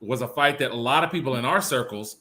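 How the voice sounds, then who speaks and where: A boxing live stream's panel co-host, a man with a medium-pitched, sharp-toned voice, talks quickly. He's thoughtful, delivering analysis in long qualified runs packed with fillers.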